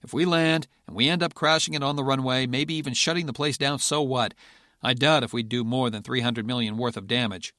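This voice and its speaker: A stubborn Air Force general, as a male narrator reads him, answering in calm, clipped phrases. He holds close to the reader's ordinary middle-pitched voice. The recording is dry and close. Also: a little fast, dry recording, close to an everyday voice. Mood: determined.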